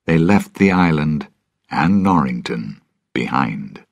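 A man narrating a story slowly and deliberately for English learners. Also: extremely low pitch, very animated, dry recording. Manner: clear, deliberate. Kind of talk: slow scripted story reading for English learners.

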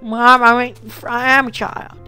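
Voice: medium pitch, little pitch movement, a little slow, pushed and bright, clean tone, faint music behind, voice pushed up. A gamer voicing a whiny, sulky child monster in a raised, pouting voice. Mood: whining.

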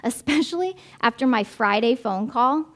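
A woman with a slightly high, animated voice preaches at normal speed during a church service. Her sermon is conversational, driving points home through repetition and frequent "right?" check-ins, and she closes by leading a prayer.

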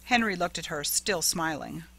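Woman reading an old ghost story, steady pace, lowish bright voice. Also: normal speed, gravelly, poor audio. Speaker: narrator. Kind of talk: scripted narration of a classic ghost story.

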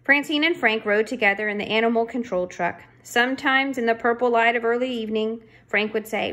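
A woman reading a children's chapter book aloud, chatty asides and lively, playful changes of voice for the characters. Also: fairly high pitch, a little fast, few pauses. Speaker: storybook reader.

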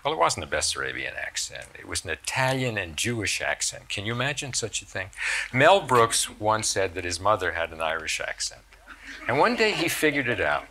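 An older man, a surgeon and author, being interviewed on stage, telling stories in an animated, reflective way. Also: lowish voice, fairly quick, a little hiss or hum. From United States. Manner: storytelling, animated, lively swings in loudness. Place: stage talk at a cultural center.

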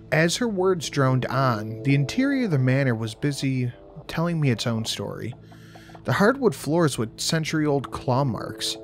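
A man narrating a horror story in the first person, with a wry storytelling manner. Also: medium pitch. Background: faint music.

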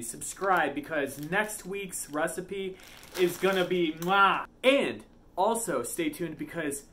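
A man's voice: high voice, sharp tone, slight background noise. A man hosting his cooking vlog, chatty and goofy, rambling as he cooks. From Lower Peninsula of Michigan. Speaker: cooking channel host.

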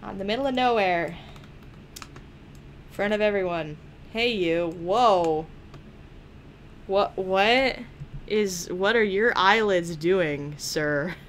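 A woman's voice: medium pitch, takes it slowly, long pauses, slight background noise. A young woman chatting playfully through a let's play, teasing the characters and laughing often. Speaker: gaming video creator.

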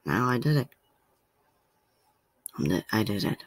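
A man's voice: lowish voice, very animated, unhurried, slight background noise. A man hosting a reaction vlog, talking casually to the camera in a rambling, emotional way and laughing at himself often. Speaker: reaction channel host. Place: home room.

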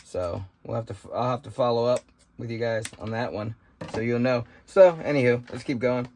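A man's voice: mid-range voice, moderate pace, slight background noise. A man casually showing how he harvests and prepares berries, talking in a folksy, rambling way full of fillers and asides. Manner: rambling, folksy, thinks out loud with many fillers. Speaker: homesteading vlogger. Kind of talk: casual outdoor how-to vlog. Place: outdoors by trees, then a kitchen.

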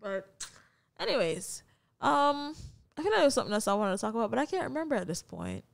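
A woman's voice: on the high side, fast talker, gravelly. A young woman from Jamaica with a Jamaican accent, co-hosting a podcast in casual chat and acting out the people in her stories. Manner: animated storytelling, acts out quoted people. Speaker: podcast co-host.

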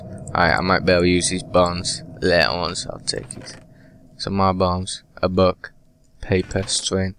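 A man's voice: low voice, background noise. A man commenting casually on a horror game, nervous and muttering, swearing when startled, his voice strained. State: sweating, voice strained. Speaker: gaming commentator.

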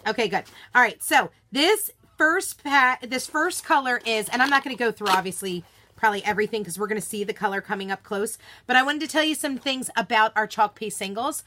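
A woman's voice: on the high side, lively intonation, a little fast, pushed and bright. A woman hosting a live craft unboxing stream, bubbly and gushing, greeting viewers by name in casual chat from her desk at home.

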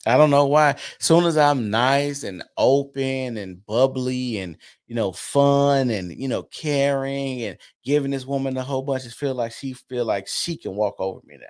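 A man hosting a casual podcast chat, asking probing questions in a low-key manner. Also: moderate pace, hardly any pauses, darkish tone. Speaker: podcast host.

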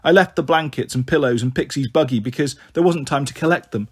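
Husky-voiced male storyteller. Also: medium pitch. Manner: earnest, measured storytelling. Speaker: audiobook reader. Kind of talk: scripted narration of a children's novel.

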